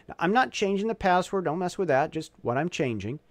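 A man giving a casual software walkthrough, thinking aloud as he clicks through, often restarting and correcting himself. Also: high voice, very animated, a little fast, dry recording. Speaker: tutorial presenter.

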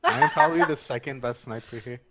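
A man chatting with friends during an online match, giving quick, teasing callouts. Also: mid-range voice, a bit bright. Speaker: gaming friend. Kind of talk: casual gameplay chat.

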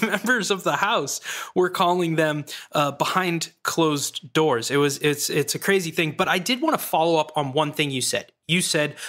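A man's voice: fairly high pitch, bright, forceful tone. A man hosting, talking through a long conversational question to his guest. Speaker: host. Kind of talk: interview question.

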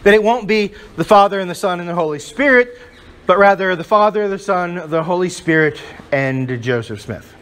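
A male pastor preaches to his congregation in a voice that sits high for a man. He is emphatic and leans on rhetorical questions to carry the point. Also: animated, normal speed, a bit bright. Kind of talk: sermon. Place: church before a congregation.

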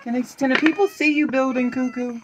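A woman reads a picture book aloud at home with a bright, high voice. She is playful and coaxing, and breaks off the reading to give quick directions in a game of pretend. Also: fairly even intonation, heavy background noise. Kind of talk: home storytime read-aloud with pretend play.

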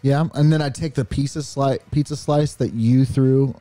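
A man co-hosting a comedy show, improvising a wild story and bursting into shouted character lines. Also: medium pitch, steady tone, moderate pace, no echo, faint music behind. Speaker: podcast co-host.

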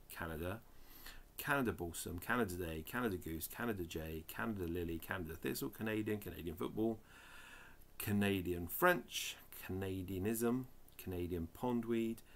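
Low-voiced man mumbling dictionary words. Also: fairly bright tone. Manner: plodding word-by-word reading with muttered asides. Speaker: host reading the dictionary aloud. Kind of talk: casual reading of word lists.

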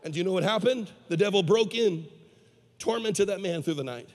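A man's voice: high voice, fairly quick. A man preaching a sermon, telling a parable with a dramatic delivery and putting questions to the crowd. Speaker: evangelist. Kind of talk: storytelling sermon. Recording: long hall reverb.

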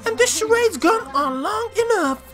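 A woman voicing a bossy, exasperated genius woman in a squawking, scolding high voice over a video game. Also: animated, normal speed, a bit bright, soft background music.

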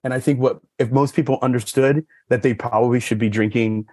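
In a dry recording, a sommelier on a podcast tells rambling stories in a brisk, fairly even, slightly mellow voice. Casual fillers such as "you know" and "like" abound, and when quoting others he performs the lines with raised pitch.

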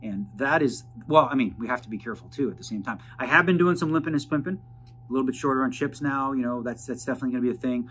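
A man's voice: mid-range voice, quick pace, fairly bright tone. A man casually narrating a vlog, chatting through poker hand breakdowns in a rambling, jargon-filled way. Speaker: poker player vlogger. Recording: noisy background.

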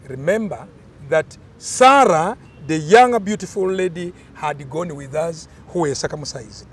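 A man's voice: on the high side, animated, a little slow, husky. An older man, explaining cultural traditions in an emphatic, storytelling way during an interview.

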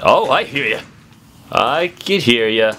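A man's voice: medium pitch, animated, slow pace, a little hiss or hum. Jumpy man yelping through horror gameplay. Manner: talks to viewers, swings from muttering to yelping shouts. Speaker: let's play gamer. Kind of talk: horror game commentary.

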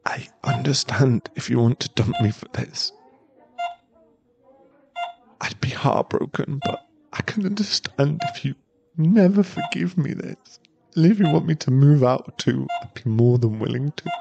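A man's voice: medium pitch, expressive, a little slow, gravelly, highs cut off, noisy background. A man in an ASMR role-play, voicing a young boyfriend at a hospital bedside who pleads, stammers and sounds close to tears. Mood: remorseful. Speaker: ASMR voice actor.

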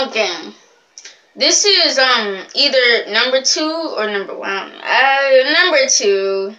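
A woman's voice: fairly high pitch, pushed and bright, highs cut off, slight background noise. A young woman chatting in a rambling, giggly way in a casual vlog. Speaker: vlogger.

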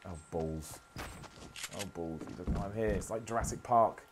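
A man's voice: fairly low pitch, big pitch swings, takes it slowly, very noisy. A man giving self-deprecating, sweary commentary while playing a video game. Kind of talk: gameplay commentary.

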